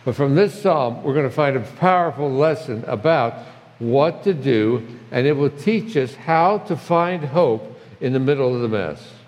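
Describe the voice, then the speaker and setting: A man's voice: medium pitch, unhurried. Older male pastor preaching in a hall. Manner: conversational, animated preaching with dramatic scripture reading. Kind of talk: sermon. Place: church sanctuary. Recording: long hall reverb.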